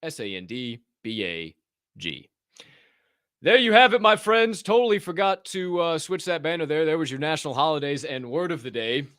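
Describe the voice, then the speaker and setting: A man's voice: fairly high pitch, animated, normal speed, fairly bright tone, dry recording. A man hosting a podcast, joking and swearing casually, laughing at his own bits. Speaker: podcast host. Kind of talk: casual chat.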